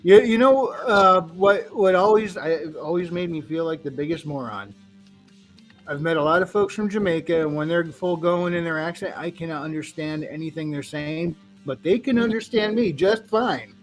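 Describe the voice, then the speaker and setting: A man's voice: on the high side, moderate pace, faint music behind. A man from New England in casual group chat, telling stories in an easygoing way. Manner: easygoing storyteller. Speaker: co-host.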